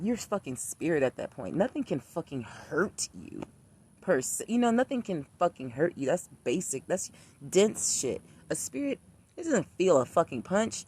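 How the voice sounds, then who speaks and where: A man's voice: high-pitched, a little mellow, breathy edge. Guy w ranting, cussing a lot, blunt and repetitive. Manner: blunt, profane, rapid-fire repetition. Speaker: spiritual practitioner ranting to camera. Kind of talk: profane casual rant.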